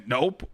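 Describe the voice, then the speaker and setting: A male streamer ranting live in a blunt, heated way, swearing freely as he talks to his chat. His voice sits at an ordinary middle pitch. The sound is dry and close to the mic. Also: a bit bright, husky, no room sound.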